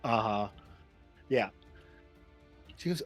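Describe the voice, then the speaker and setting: A man's voice: medium pitch, no echo, soft background music. Laid-back man running a tabletop game. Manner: relaxed, halting, many uhs and likes. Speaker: game master. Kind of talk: narrating a tabletop game on a voice call. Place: home, online voice call.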